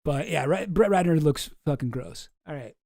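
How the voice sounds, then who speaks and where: A man hosting a commentary show, reacting to clips with sarcastic, deadpan asides. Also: a little high, moderate pace, gravelly, dry recording, clean studio sound. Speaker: host.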